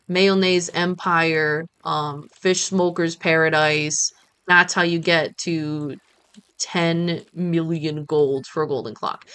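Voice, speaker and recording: A woman's voice: fairly low pitch, sharp tone, clear, resonant tone. A woman streamer chatting playfully while she plays, talking to the game as she goes. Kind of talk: casual gameplay chat.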